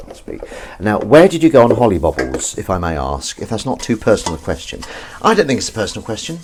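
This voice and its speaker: A man's voice: on the low side, very animated, fast talker. A man hosting a live stream, chatting casually and rambling to viewers while washing up in his kitchen. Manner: rambling, self-correcting, chatty asides to viewers. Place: home kitchen. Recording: loud sink and kitchen noise.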